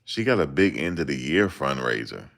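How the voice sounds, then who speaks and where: A man with an extremely low voice drags his words with gravel and fry as he reacts to a livestream. He jokes in a relaxed, teasing way and keeps it conversational. His voice is deep enough that people often ask him to repeat himself. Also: moderate pace. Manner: joking, laid-back, slips into mocking voices. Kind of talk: casual reaction commentary.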